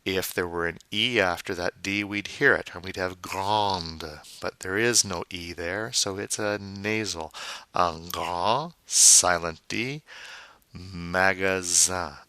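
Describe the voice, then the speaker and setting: A man with a low, bright, sharp voice gives a recorded French vocabulary lesson. He says each word slowly and repeats it for practice, adding jokey asides. The sound is dry and close. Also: smooth, dry recording. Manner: drills pronunciation with slow repeated model words. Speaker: French teacher.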